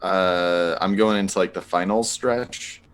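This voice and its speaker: A university student in his twenties chatting casually before a tabletop game, speaking haltingly with many fillers. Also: sits low, steady tone, clear, resonant tone. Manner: hesitant, filler-heavy speech. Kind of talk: casual chat over voice call.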